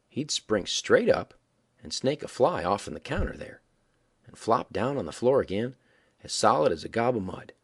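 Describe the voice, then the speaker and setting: A man reading a story aloud as a folksy, animated yarn-spinning narrator with a husky voice. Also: medium pitch. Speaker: audiobook reader.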